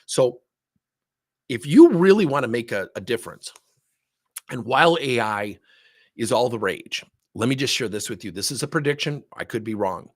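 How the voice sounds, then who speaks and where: A middle-aged man giving an energetic webinar talk as a training consultant, with a husky voice. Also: medium pitch, normal speed. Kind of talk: webinar presentation.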